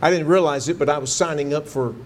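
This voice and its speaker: A man preaching a sermon in a fairly high voice, telling his story earnestly and pushing up into fervent pleading as he recalls his prayers. A faint low rumble sits under the recording. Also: fast. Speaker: pastor.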